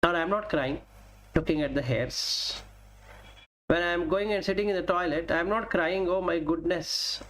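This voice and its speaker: A man giving a Buddhist Dhamma talk as a teacher, deliberately naming Pali terms and explaining each in plain English with everyday examples. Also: sits high, a bit bright, slight background noise.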